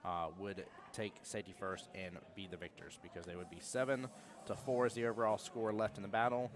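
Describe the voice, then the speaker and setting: A man co-commentating a live pool tournament, excitable as he breaks down scores and standings. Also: on the low side, a little fast. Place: pool hall.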